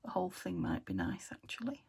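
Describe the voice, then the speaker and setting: Woman, British accent, crafting vlog host, rambling self-talk, soft murmured asides, gravelly voice, noisy home recording. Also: lowish voice, huge pitch swings, fairly quick. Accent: British English. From United Kingdom. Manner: rambling, talks to herself while working, drops into soft murmurs. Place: upstairs room at home. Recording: home recording with noticeable background noise.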